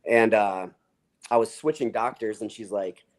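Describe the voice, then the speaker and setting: A man co-hosting a casual chat, telling a personal story in a relaxed way and dropping "dude" into his sentences. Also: fairly low pitch, a little slow. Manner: relaxed, easygoing, says "dude" often.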